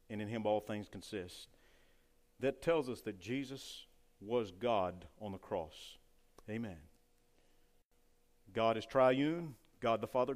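A man preaching a sermon with fervor, rising loud and dropping to a hush. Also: medium pitch. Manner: fervent preaching, swings between loud and hushed. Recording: long hall reverb.

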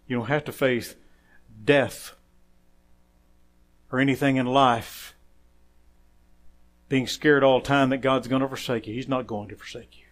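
A man preaching a sermon as pastor, quoting scripture, saying "amen" often, rising to loud emphatic phrases and dropping quiet for asides. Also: fairly even intonation, a little slow, long pauses. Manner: emphatic preaching that swells louder on key phrases and drops low and quiet for asides; quotes scripture with frequent "amen".

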